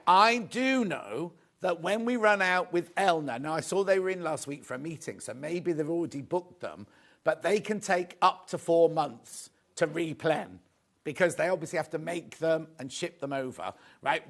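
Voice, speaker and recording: A man's voice: a little high, lively intonation, moderate pace, gravelly, fairly bright tone. Chatty man selling live. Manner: chatty, rambling, self-deprecating grumbles. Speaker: shopping channel presenter. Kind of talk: live sales chat.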